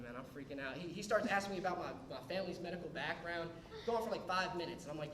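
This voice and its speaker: A man's voice: sits high, fast, crowd noise. A young man doing stand-up, telling a story and acting out what people said. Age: young adult. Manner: animated, acts out quotes of others. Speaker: stand-up comedian. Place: comedy club stage. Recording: roomy club sound from a distance, audience laughter. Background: audience laughing.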